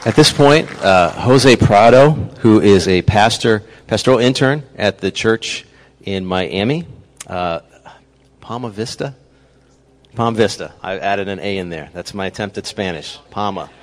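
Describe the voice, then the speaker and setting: Man, Massachusetts accent, pastor, very low voice, casual introduction, church. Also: a little slow.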